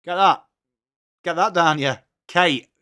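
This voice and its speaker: An Englishman with a slightly high, clear, resonant voice hosts a casual live watchalong from his home. He speaks slowly, with a bright and forceful tone, chatting and greeting viewers by name.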